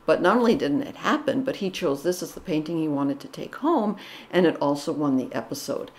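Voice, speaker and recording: Low-voiced woman gushing about paintings. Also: animated, a little fast, slight background noise. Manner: enthusiastic, gushing, with many restarts. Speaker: art commentary vlogger. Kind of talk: casual commentary on paintings.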